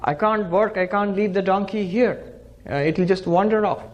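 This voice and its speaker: A man's voice: high-pitched, normal speed, natural voice. A man voicing a worried, pleading poor village washerman in a spoken story. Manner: anxious, pleading.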